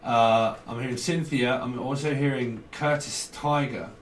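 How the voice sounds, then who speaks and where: A man's voice: mid-range voice, fairly even intonation, measured pace. A man giving a casual tarot reading, rambling and joking with chuckles between thoughts. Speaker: tarot reader. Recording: roomy echo, distant from mic, faint noise.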